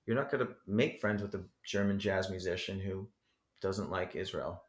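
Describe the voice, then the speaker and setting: A man from New Jersey, a rapper guesting on a podcast, who rambles loosely, swears freely and leans on "you know" every few words. His voice sits on the low side. The recording carries a noticeable roomy echo. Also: fairly even intonation, normal speed. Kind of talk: casual interview chat. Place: podcast studio.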